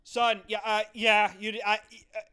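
A man's voice: sits high, monotone, measured pace, sharp tone, clear, resonant tone, pitched above the performer's own voice. A man voicing a stern, irritated middle-aged father who stutters, repeats himself and never finishes his sentences. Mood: stern, annoyed. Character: stern, irritated middle-aged dad holding back anger.

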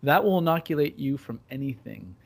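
Host who riffs dryly, trails off, loose casual delivery. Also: male voice, medium pitch, expressive, a little fast, vocal fry. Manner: dry, jokey, rambling with many fillers. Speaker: podcast host. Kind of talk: casual banter.

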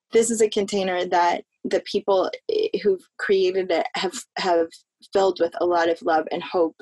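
A woman's voice: lowish voice, darkish tone, no room sound. A woman from Florida, an actress talking in a casual interview, earnest and rambling, often restarting her sentences. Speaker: actress guest.

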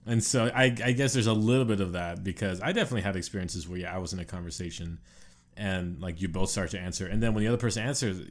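Low-voiced man musing out loud. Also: fast talker. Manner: reflective, rambling explainer with frequent restarts. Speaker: podcast co-host. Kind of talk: casual chat.

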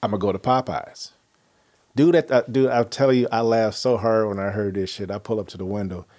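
A man hosting a podcast in casual chat, telling animated, profane stories and opinions. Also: fairly low pitch, fairly quick. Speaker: podcast host.

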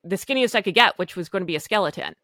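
A woman's voice: lowish voice, animated, very fast, pushed and bright, no room sound. A woman podcast host chatting casually and bluntly, swearing freely and laughing often.

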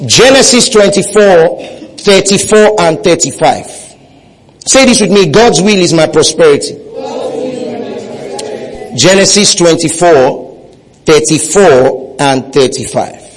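A man's voice: fairly high pitch, expressive, takes it slowly, pauses often, low-quality recording. A man preaching a sermon, leading his congregation in call-and-response and repeating phrases for emphasis. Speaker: pastor.

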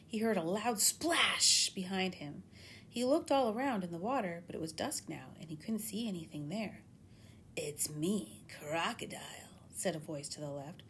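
A woman narrating a children's storybook in an expressive, animated way. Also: medium pitch, a little hiss or hum. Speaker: audiobook narrator.

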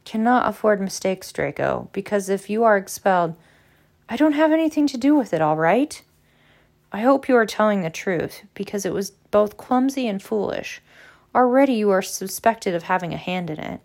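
A woman reading aloud as a cold, stern male professor, clipped and low. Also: expressive, normal speed, vocal fry, darkish tone.

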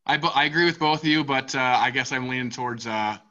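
A man hosts a casual sports podcast with a very bright, forceful voice. He talks with loose energy, swears freely and keeps the panel moving. The sound is a bit dull and lo-fi. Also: medium pitch, quick pace. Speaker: podcast host.

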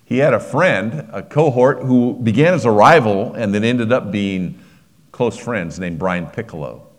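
A man's voice: fairly low pitch, lively intonation, measured pace. A middle-aged man preaching a sermon, telling a personal story with emotion and frequent restarts.

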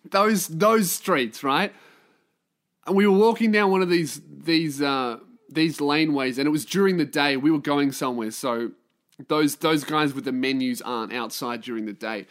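A man's voice: on the high side, normal speed. A young man hosting a solo comedy podcast, ranting in a profane, self-mocking way. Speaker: podcast host.

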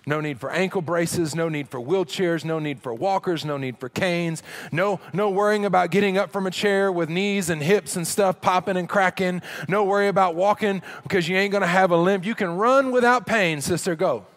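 A middle-aged man preaching a sermon as pastor, humorous and conversational, with dramatic drops to a hush. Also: sits high, moderate pace, few pauses.

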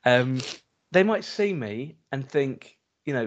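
A man's voice: mid-range voice, expressive, slow pace. A man, co-hosting a podcast in casual chat, wry, teasing and talkative. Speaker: podcast co-host. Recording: dull lo-fi sound.

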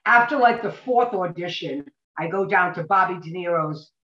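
A woman actress, a podcast guest, telling stories in an animated way and acting out what people said. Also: lowish voice, normal speed. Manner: animated, acts out quoted voices. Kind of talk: anecdotal podcast storytelling. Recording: dull, roomy recording.

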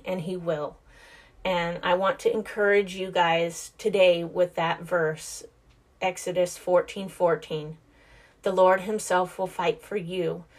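A woman in her thirties hosting a podcast, talking about her faith in an earnest, heartfelt way and speaking straight to her listeners. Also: lowish voice. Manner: conversational, with frequent "like" and restarts. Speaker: podcast host. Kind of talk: casual faith-based talk.

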